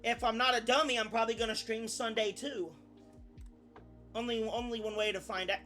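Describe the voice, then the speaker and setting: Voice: mid-range voice, level tone, fairly quick, bright, forceful tone, soft background music. A young adult VTuber chatting casually on a live stream, rambling, often restarting sentences and swearing now and then.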